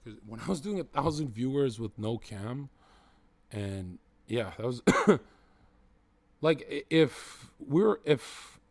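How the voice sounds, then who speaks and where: A man's voice: mid-range voice, lively intonation, slow, a little mellow. A young man livestreaming, talking to chat in a brash, swearing, provocative joking way. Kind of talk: casual stream chat.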